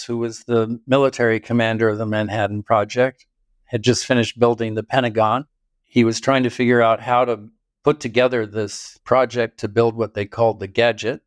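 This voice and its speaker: A man's voice: mid-range voice, fairly even intonation, moderate pace, smooth, no room sound, studio quality. An older man, a biographer, answering interview questions in thoughtful, storytelling detail. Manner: thoughtful storytelling with occasional chuckles. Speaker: biographer guest.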